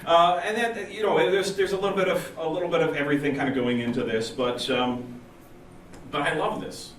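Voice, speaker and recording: A man speaking to a live audience at a user group meeting, his voice sitting a bit high. He talks in a lively, chatty way and acts out the people in his anecdotes. The recording is roomy and picked up from a distance, with faint noise behind it. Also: brisk. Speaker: conference speaker. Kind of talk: technical conference talk with storytelling.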